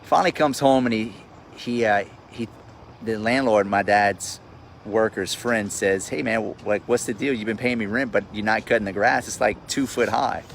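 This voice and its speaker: Outdoors at sundown, a real estate investor rants casually on a phone livestream, with slight background noise. His low voice has vocal fry and moves at normal speed, and he is blunt and profane, repeating himself as he gets riled up.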